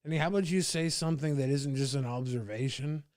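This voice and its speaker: A man's voice: medium pitch, fast, a little mellow, no room sound, clean studio sound. A drunk man hosting a casual livestream chat, rambling and trading crude insults with viewers. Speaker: streamer host.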